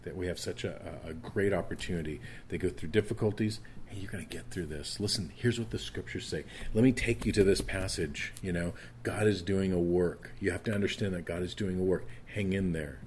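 A man's voice: low-pitched, fairly quick, hardly any pauses, a little mellow, slight background noise. A middle-aged man preaching a sermon in an earnest, conversational way, often restarting his sentences. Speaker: pastor.

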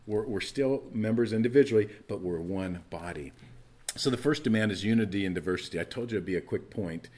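Delivering a sermon in a lowish voice at a slightly fast pace, this pastor sounds sincere and conversational. He often restarts sentences, alternating between booming emphasis and softer asides.

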